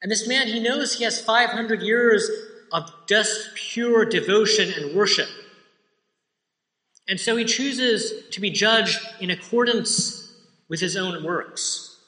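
A man preaching, retelling a religious parable in a measured, earnest way. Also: sits high, sharp tone. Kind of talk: sermon storytelling. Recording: echoey hall with long reverb.

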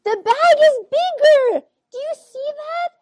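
A woman teacher reading a picture book aloud to children, gently asking them questions as she goes. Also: very high-pitched, lively intonation, slow, no room sound, clean studio sound. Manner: gentle, questioning, keeps checking in with the kids.

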